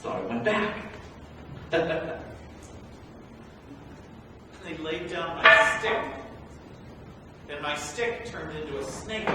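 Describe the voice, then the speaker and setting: A male pastor preaching a sermon as a first-person Bible story, animated and swinging from hushed to loud. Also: fairly high pitch, slight background noise. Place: large church sanctuary. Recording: echoey hall, recorded from far off.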